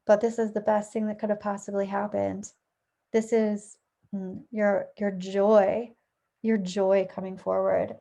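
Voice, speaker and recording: A warm, mid-range female voice belongs to a tarot reader doing a relaxed, chatty reading at home with a dog nearby. She thinks out loud and corrects herself along the way.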